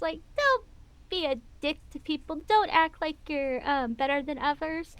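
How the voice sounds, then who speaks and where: A woman with a Missouri accent talks as an interview guest in a chatty, rambling way. Her voice sits fairly high, and she sounds animated. The sound is dry and close, with no room echo. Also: moderate pace. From US Midwest. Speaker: guest VTuber. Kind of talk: casual interview chat.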